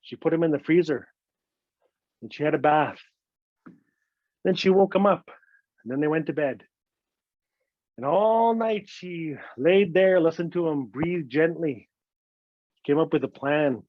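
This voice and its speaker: High-voiced man telling a comic tale. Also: a little slow, long pauses, no room sound. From Northern Canada. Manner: playful, conversational asides. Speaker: storyteller. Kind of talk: comic oral storytelling. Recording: dull, dry lo-fi recording.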